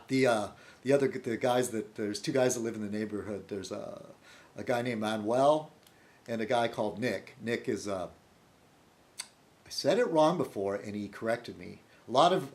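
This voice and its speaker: Brief: man vlogger, rambling monologue, animated pitch, lots of restarts. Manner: meandering, many restarts and fillers, laughs often. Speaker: video blogger.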